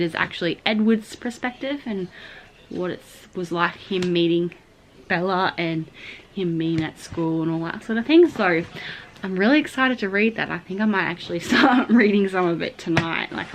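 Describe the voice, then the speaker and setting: A woman's voice: on the low side, slight background noise. An Australian woman in her thirties chatting casually to a phone camera in her bedroom at night, rambling with lots of fillers. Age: 30s. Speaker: vlogger. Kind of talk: casual chat.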